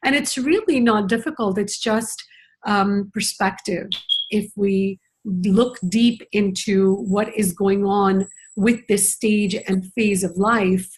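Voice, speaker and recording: A woman's voice: mid-range voice, slow pace. Reflective middle-aged woman educator. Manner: reflective, earnest, many "you know" fillers. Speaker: parenting educator. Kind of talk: conversational conference talk.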